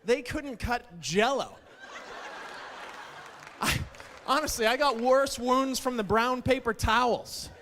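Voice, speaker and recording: A man's voice: very high-pitched, slow, long pauses, bright, forceful tone, a little hiss or hum. A male stand-up comedian telling wry, self-mocking stories about old jobs, with stammered starts. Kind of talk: stand-up routine.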